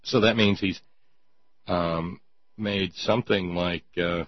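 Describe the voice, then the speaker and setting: A man's voice: low voice, steady tone, takes it slowly, dry recording. A man hosting a talk show, mocking his topics in casual sardonic commentary and reading listener notes aloud. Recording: dull lo-fi sound.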